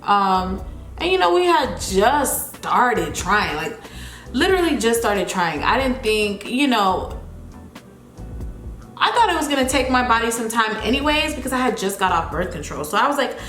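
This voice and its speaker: A young woman chatting casually while doing her makeup, retelling a story and acting out the people in it with lively repeated phrases. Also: normal speed, roomy sound, soft background music. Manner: animated, acts out quotes with big pitch jumps, repeats phrases. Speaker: beauty vlogger. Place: home, near a running refrigerator.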